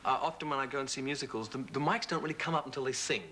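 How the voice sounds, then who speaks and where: A man, a singer chatting as a guest on a TV talk show, animated and quick to laugh. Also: medium pitch, a little hiss or hum. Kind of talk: casual TV chat.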